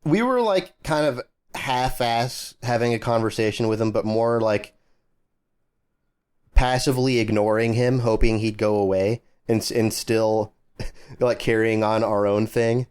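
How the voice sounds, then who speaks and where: A man's voice: medium pitch, measured pace, a little mellow, smooth. A man co-hosting a podcast, chatting casually with dry, wry asides. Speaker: podcast co-host. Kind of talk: casual chat.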